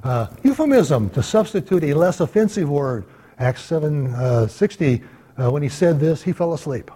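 A man teaching a church Bible study class in a conversational lecture style, pausing often on "uh" and checking in with his listeners. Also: fairly high pitch, sing-song, dark tone, husky. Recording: long hall reverb.

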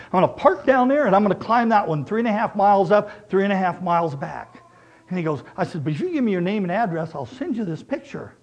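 A middle-aged man preaching a sermon, telling personal stories in an animated way and acting out both sides of conversations. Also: high-pitched, dull audio.

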